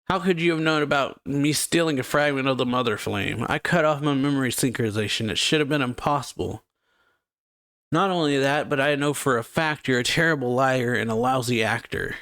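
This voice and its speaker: A man's voice: mid-range voice, brisk, a bit bright, no echo, clean studio sound, natural voice. A man reading the lines of an accusing female scientist in a slightly raised voice. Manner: read aloud, slightly raised and pressing.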